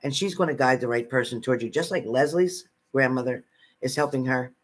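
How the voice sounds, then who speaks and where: A man's voice: mid-range voice, a little fast. A man giving live psychic readings to viewers from home in a chatty manner, repeating phrases and calling people by name. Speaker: psychic reader.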